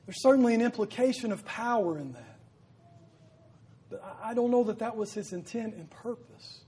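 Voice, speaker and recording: A man's voice: sits high, lively intonation, normal speed, long pauses, dark tone, slightly rough. A man preaching a sermon, earnest and building to emphatic peaks, repeating his phrases.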